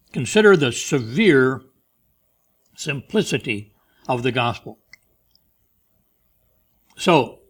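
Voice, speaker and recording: A man preaching a sermon, pressing key phrases slowly and loudly, then dropping quiet for stories. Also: mid-range voice. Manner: emphatic, slows and rises on key phrases, drops soft for stories.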